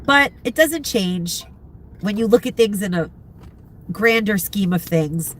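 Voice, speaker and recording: A middle-aged, congested woman chatting casually with viewers from inside a car, rambling and pausing to recall names. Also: mid-range voice, animated, slight background noise. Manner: rambling, chatty, searching for names, frequent laughs. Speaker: vlogger chatting with live viewers. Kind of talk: casual chat.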